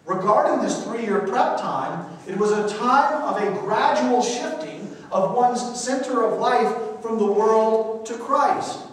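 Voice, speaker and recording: Priest lecturing a church class, echoey hall. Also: male voice, high voice, a little hiss or hum. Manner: reads quotes aloud, asks the class questions. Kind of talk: church adult-education lecture. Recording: echoey hall, mic far off.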